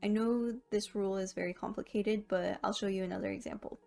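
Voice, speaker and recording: A woman narrating a scripted language lesson, explaining rules clearly and slowing down to sound out each example word. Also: medium pitch, steady tone, darkish tone, faint music behind. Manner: clear, careful explanation with slow, drawn-out example words. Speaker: language teacher.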